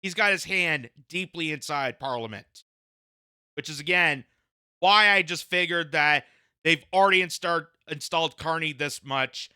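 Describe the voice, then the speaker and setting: A man with a slightly high, piercingly sharp and smooth voice, recorded dry and close. He reads news copy aloud and breaks off into combative opinion, hammering points home by repeating himself. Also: normal speed, no room sound. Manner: combative, repeats phrases for emphasis. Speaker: political commentator.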